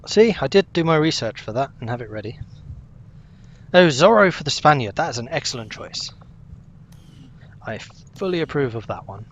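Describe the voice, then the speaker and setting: A man's voice: mid-range voice, very animated, normal speed, pauses often, dull audio. A young man casually commenting as he plays a game, chatting with his viewers. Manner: chatty, talks to himself and to chat while playing. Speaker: game streamer.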